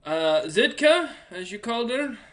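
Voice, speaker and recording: A man's voice: very high-pitched, sing-song, unhurried, a bit bright, voice pushed up, heavily acted. A man voicing a blunt, weary woman warrior who swears and sounds exasperated as she delivers a message.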